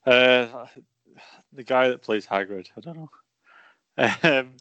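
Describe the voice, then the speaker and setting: A man's voice: medium pitch, slow pace, bright, forceful tone, dull audio. A man, co-hosting a podcast, making blunt, teasing interjections. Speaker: podcast co-host. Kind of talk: casual chat.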